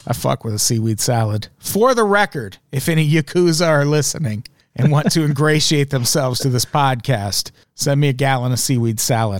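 A man's voice: mid-range voice, normal speed, hardly any pauses, no echo, clean studio sound. A man hosting a podcast, riffing sarcastically on the news with plenty of swearing and laughter. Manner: profane, sarcastic, laughing often. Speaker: podcast host. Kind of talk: casual comedic news chat.

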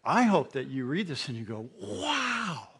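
A middle-aged male pastor preaching a sermon, moving between quiet asides and loud proclamations, often repeating words when stirred up. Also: mid-range voice, very animated, fairly quick, slightly rough.

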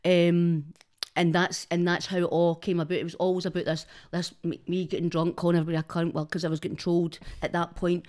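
A woman with a broad Glaswegian accent talks on a podcast in a rambling, sweary, laughing way. Her voice sits a little low, and she talks close to a studio microphone. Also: flat delivery, fast talker, darkish tone. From Glasgow's East End, Scotland. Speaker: guest, social media personality. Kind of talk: casual podcast chat.

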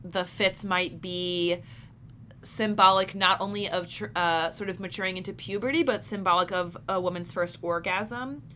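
Bright, forward-sounding woman host, analytical and chatty, light noise behind. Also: fairly low pitch, normal speed. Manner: thoughtful, analytical, many fillers. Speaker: podcast co-host. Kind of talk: casual podcast chat about a film.

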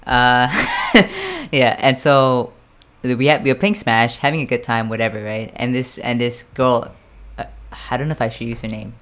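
Young man, from Japan, smooth clear voice, casual chat, rambling, lots of fillers, occasional swearing. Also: mid-range voice, expressive, normal speed, fairly bright tone.

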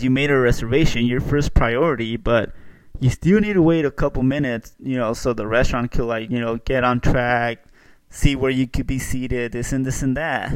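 A man's voice: mid-range voice, clear, resonant tone, no room sound, low-quality recording. Profane ranting man, dry close sound. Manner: profane, exasperated, lots of fillers. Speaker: podcast host. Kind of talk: casual rant.

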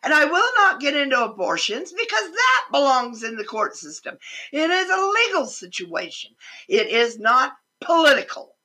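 An older American woman giving an impassioned, indignant political rant, swearing for emphasis, with a husky voice. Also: high-pitched, big pitch swings, moderate pace, sharp tone. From United States. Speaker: vlogger.

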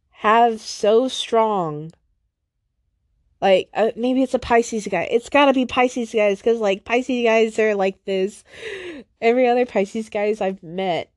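A woman's voice: on the high side, a little mellow, dry recording, studio quality. Frustrated young woman venting on her podcast. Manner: frustrated, rambling, swearing, with restarts and laughs. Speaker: podcast host.

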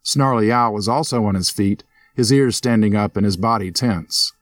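A man reads a scripted ghost story aloud in an even, steady manner. His voice sits on the low side, and he keeps a calm storytelling pace. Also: moderate pace, no echo. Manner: steady storyteller, voices characters with lifted pitch. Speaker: narrator and host. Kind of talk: scripted audio story narration.

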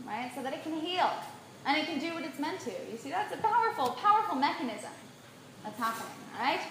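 A woman giving an animated lecture on diet to a live audience, often checking in with a quick "right?". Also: high voice. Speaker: nutrition speaker. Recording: very echoey room, faint background noise.

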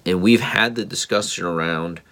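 A man in his thirties speaks in a deep, low voice as he recounts his morning. He is tired and talks in a casual, earnest and reflective way. He often stops to restart his sentences and fills the gaps with ums. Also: moderate pace, a bit bright. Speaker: father vlogger. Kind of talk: casual personal storytelling.

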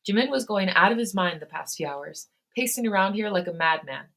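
A woman's voice: medium pitch, animated, fairly quick, gravelly, a bit bright. Blunt, clipped young man, read by a woman, frightened underneath. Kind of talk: fan fiction read aloud.

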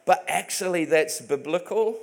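A man's voice: sits high, animated, normal speed, creaky. A man preaching a sermon in an earnest, emphatic way, often restarting his sentences.

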